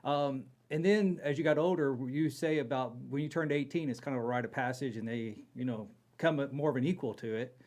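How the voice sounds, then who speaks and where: A man's voice: medium pitch, brisk, few pauses, a little mellow. A male host with a mid-range voice who asks loose, rambling interview questions that are full of fillers. He talks casually and circles around his point before he gets to it.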